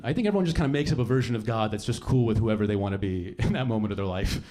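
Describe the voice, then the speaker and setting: A young man performing a stand-up set on a club stage, profane and animated, breaking into shouted bits. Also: mid-range voice, very fast, few pauses. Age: young adult. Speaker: stand-up comedian. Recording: noisy live club recording. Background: audience laughter.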